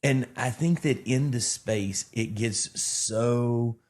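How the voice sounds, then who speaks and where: A man from Alabama, a pastor in casual conversation who rambles and tells animated stories with self-deprecating humor. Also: medium pitch, takes it slowly. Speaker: pastor and podcast co-host.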